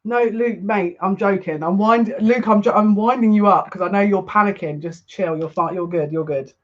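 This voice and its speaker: A man's voice: high voice, moderate pace. A man giving a live oracle card reading in a chatty, teasing, jokey way. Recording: muffled lo-fi audio.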